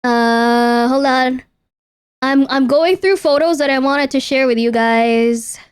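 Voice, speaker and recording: High-voiced chatty young woman streamer. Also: slow pace, clear, resonant tone. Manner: chatty, self-interrupting, playful, swears casually. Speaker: VTuber streamer. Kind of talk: casual livestream chat.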